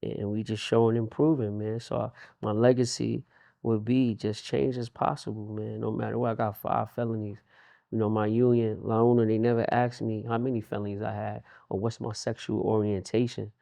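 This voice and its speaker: A man's voice: fairly low pitch, little pitch movement, fairly quick, creaky, mellow, no room sound, studio quality. A man, a union leader talking in a casual interview, streetwise and repeating words for emphasis. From Queens, New York.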